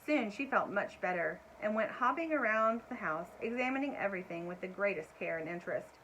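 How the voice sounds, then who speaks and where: A woman's voice: mid-range voice, brisk, slight background noise, low-quality recording. Woman reading a children's book aloud. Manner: gentle, expressive, with asides to young listeners. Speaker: storyteller.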